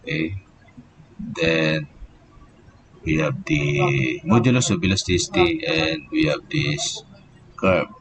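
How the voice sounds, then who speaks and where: A man's voice: very deep voice, animated, takes it slowly, creaky, long pauses, background noise. A man, an engineering professor, giving a live online lecture and explaining step by step, with many "okay" and "so" fillers.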